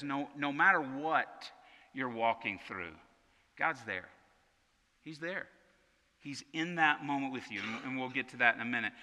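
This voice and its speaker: A man's voice: medium pitch, sharp tone, big-room sound. A man preaching a sermon as pastor, talking conversationally and often repeating words as he restarts.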